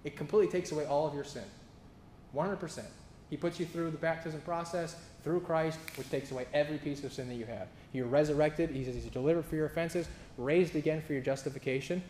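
A man preaches in a loose, sarcastic style, acting out other people's voices as he goes. His voice sits a little higher than usual for a man. A faint hum of the room runs underneath. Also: quick pace, a little mellow, echoey room. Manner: casual, sarcastic and flippant in delivery; acts out quoted voices in storytelling. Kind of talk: sermon. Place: church.

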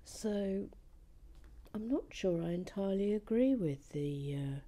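A woman giving relaxed commentary while building a set, chatty and often slipping into a soft whisper. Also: mid-range voice, a little slow.

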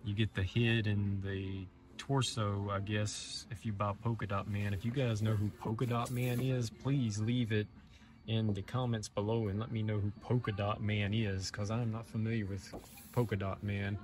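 A man's voice: fairly low pitch, normal speed, over music. Sarcastic man toy-hunting vlogger. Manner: sarcastic, mock-excited; loud, animated outro. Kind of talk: casual vlog narration.

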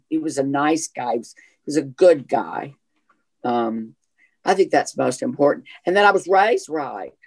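Southern guy, gay voice, chatty and animated, telling stories in an interview. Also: on the high side. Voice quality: self-described gay voice. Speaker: actor guest. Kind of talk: casual interview chat.

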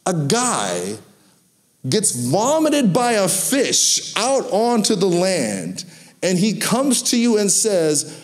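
Male pastor, sermon delivery, slightly higher voice, acts out the quotes. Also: slow pace. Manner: animated storytelling with acted-out quotes.

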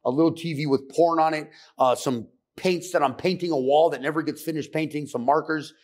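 Fast-talking blunt profane man. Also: fairly high pitch, fairly even intonation, darkish tone. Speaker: guest sharing recovery story. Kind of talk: candid podcast storytelling.

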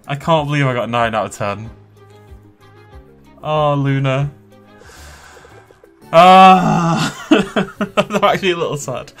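A man hosting a let's play, giving excitable gaming commentary and laughing often. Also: medium pitch, unhurried, long pauses. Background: faint game music.

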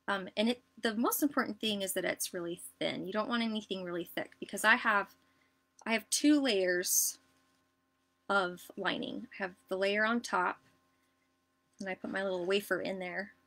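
A woman giving a casual live sewing tutorial, chatty and relaxed, with lots of ums and likes. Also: mid-range voice. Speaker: sewing instructor.

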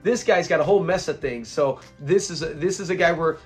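A young man with a fairly high voice chats through a sitcom episode at home. He is excitable and laughs often while he retells the scenes, and faint music plays quietly behind him. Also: fairly quick. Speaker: show reviewer. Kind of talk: casual episode breakdown.

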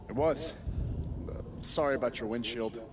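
A man's voice: mid-range voice, moderate pace, noisy background, lightly acted. A man voicing a cocky, brash wrestler who talks in a boastful way. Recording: game audio over loud crowd.

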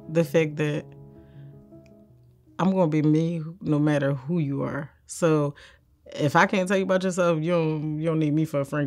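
A woman's voice: low voice, darkish tone. A woman telling candid stories in an interview, blunt and slangy, laughing often. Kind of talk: candid storytelling.

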